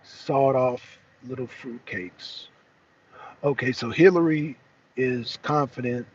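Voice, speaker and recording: Male host, slightly high voice, emphatic and repetitive, addresses the chat directly; dull lo-fi audio. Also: husky. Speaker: talk show host. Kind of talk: casual political commentary livestream.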